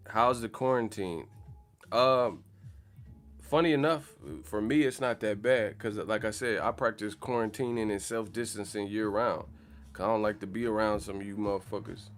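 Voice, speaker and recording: A man's voice: fairly low pitch, fairly even intonation, a little slow, pauses often, faint music behind. A man hosting a boxing channel livestream, chatting casually in a profane, joking, slangy way. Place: in the Bay Area, California.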